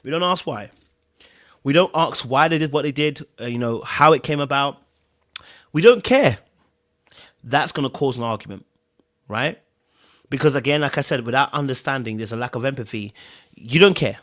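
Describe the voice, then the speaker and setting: Male podcast host, mid pitch, emphatic and repetitive, keeps checking in with listeners as he talks through advice. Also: brisk, fairly bright tone. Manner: emphatic, repeats key words, keeps checking in with "right?". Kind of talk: casual advice talk to live viewers.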